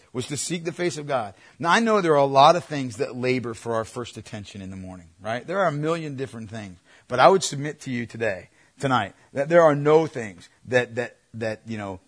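A man preaching a sermon, earnest and swinging between hushed, slow passages and loud, emphatic ones. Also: medium pitch, husky. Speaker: pastor.

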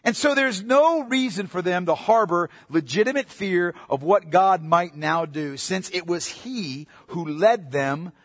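A man preaching a sermon in an emphatic way, swinging from loud to quiet. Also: high voice, expressive, measured pace, few pauses, in a large hall. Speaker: pastor.

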